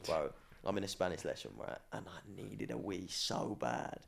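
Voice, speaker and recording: Young adult male, slightly low pitch, animated slangy storyteller, casual podcast chat. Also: moderate pace, creaky. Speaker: podcast guest, former academy footballer.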